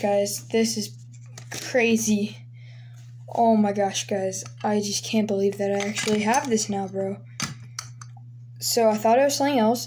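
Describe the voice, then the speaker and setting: A woman vlogging casually as she opens her mail, excitable and gushing, often dropping to a hushed, awed voice. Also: mid-range voice, slight background noise. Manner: excitable, keeps saying "oh my gosh, guys", drops to hushed awe. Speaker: sports card collector vlogger. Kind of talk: casual unboxing vlog.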